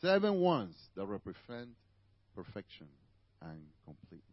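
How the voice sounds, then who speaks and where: Lively Spanish-accented male preacher. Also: fairly low pitch, normal speed, no echo, lo-fi sound. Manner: animated, conversational preaching with asides to the congregation. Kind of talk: sermon. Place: church.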